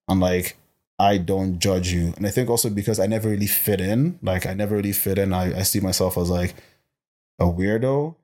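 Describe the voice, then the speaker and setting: A young man from Botswana, a personal trainer, talking as a guest in a casual interview, emphatic and animated and often repeating words as he thinks. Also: deep voice, a little fast.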